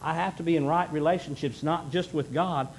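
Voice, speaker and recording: A middle-aged male pastor preaches in earnest with a fairly high voice, pushing points hard and then sinking to a hushed plea. A faint rumble runs under the recording. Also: steady tone, a little fast, gravelly, poor audio. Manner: earnest preaching, swings between loud emphasis and hushed pleading. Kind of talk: sermon.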